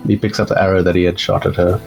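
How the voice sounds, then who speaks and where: A man narrating a tabletop game as game master, halting with many fillers. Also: deep voice, little pitch movement, creaky, darkish tone, faint music behind, low-quality recording.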